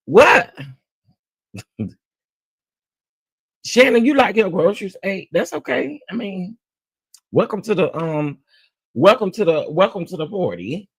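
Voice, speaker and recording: A man's voice: high voice, takes it slowly, vocal fry, pauses often, husky, dry recording. Sassy man doing gossip commentary. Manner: sassy and animated, repeats phrases for emphasis; addresses viewers as "y'all". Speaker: host of a celebrity gossip channel.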